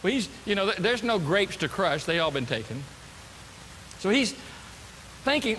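High, bright-voiced preaching man. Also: normal speed, pauses often, big-room sound, slight background noise. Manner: animated preaching, acting out quoted voices. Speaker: pastor. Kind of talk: sermon. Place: church sanctuary.

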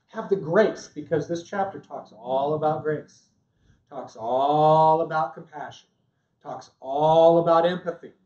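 Halting man teaching in an echoey room. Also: a little high, a little mellow, recorded from a distance, muffled recording. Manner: analytical, halting with many restarts. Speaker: marriage class co-teacher. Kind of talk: church class teaching. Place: large church classroom.

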